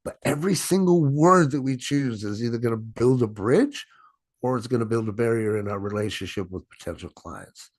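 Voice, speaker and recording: A man's voice: medium pitch, moderate pace, darkish tone, no room sound. A middle-aged man giving a business training presentation over a video call, stressing and stretching his words and often checking in with "right?". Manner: frequent "right?" tag questions. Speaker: sales trainer.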